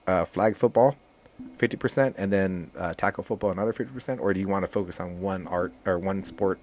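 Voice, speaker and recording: A man who teaches jiu-jitsu, talking casually as a podcast guest in a relaxed, rambling way with many restarts. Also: sits low, a little fast.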